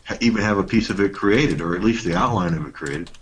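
A man's voice: deep voice, quick pace, slightly rough. A middle-aged man co-hosting a workshop, talking in a casual, folksy way with playful emphasis. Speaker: workshop co-host. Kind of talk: casual teaching talk.

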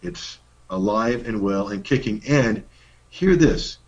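A man's voice: fairly low pitch, expressive, slow pace, husky, muffled recording. A middle-aged man co-hosting a workshop, talking in a casual, folksy way with playful emphasis. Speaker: workshop co-host. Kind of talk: casual teaching talk.

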